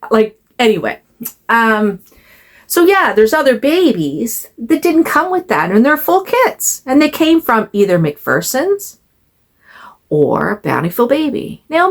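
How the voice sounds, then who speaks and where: An older woman, a doll collector, chatting casually to camera in a rambling, conversational way. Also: medium pitch. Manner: rambling, talks to her doll in a cooing voice.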